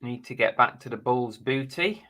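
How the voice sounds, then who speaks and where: Bright-voiced chatty man. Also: mid-range voice, expressive, normal speed. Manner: chatty, blunt, jokey, swears casually. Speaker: live stream host. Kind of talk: casual live stream chat reading viewer comments.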